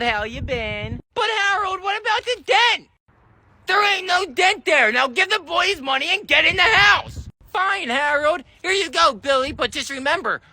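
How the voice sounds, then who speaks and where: A sketch comedian playing every role in a family comedy sketch, switching between put-on voices and often shouting. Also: high-pitched, vocal fry, no room sound. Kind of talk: one-man comedy sketch with many voices.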